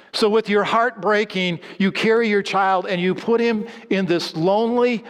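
A man preaching a sermon, swinging between emphatic lines and low, hushed endings. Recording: long hall reverb.

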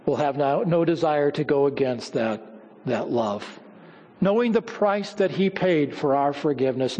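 Man preaching in a reverberant hall. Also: a little high. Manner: preaching with stories and scripture, dropping to soft emphasis. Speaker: pastor. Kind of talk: sermon.

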